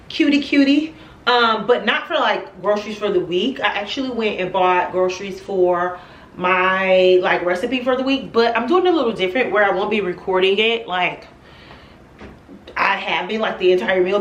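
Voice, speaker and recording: A chatty woman talks straight to her viewers in a casual home vlog. Her voice, at a middle pitch, rings through an echoey room, caught by a camera set some way off. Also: fairly bright tone, recorded from a distance, slight background noise. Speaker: vlogger.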